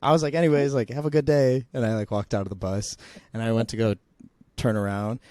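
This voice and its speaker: A man's voice: medium pitch, fairly even intonation, fast, warm tone, dry recording. A young man telling a funny story to his grandmother in a casual chat. He laughs as he goes and often restarts his sentences. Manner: rambling, laughing, many restarts. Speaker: vlogger.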